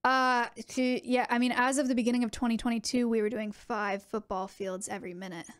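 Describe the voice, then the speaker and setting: A young adult woman streaming, chatting casually with her viewers in an animated way, with quick asides. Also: a little high.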